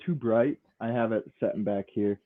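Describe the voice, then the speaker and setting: A man chatting casually as a guest on a video call from a room at home, relaxed and low-key. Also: normal speed, narrow, tinny audio.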